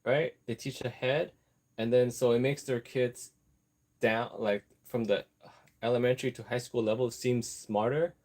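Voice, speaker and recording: A man chatting to his viewers while he sews an apron, wandering from point to point and laughing at his own thoughts. His voice sits in a middle pitch, and he often sounds distracted by the work in his hands. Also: fairly even intonation, a little slow, a little mellow. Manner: talks while sewing an apron. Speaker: vlogger. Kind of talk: rambling casual chat.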